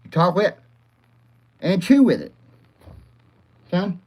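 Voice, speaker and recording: Man, livestream host, crude and profane, rowdy, lots of laughing, bouncy voice, a bit high. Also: wildly swooping pitch, slow pace, a little hiss or hum. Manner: talks to chat by name. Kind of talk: rambling live chat.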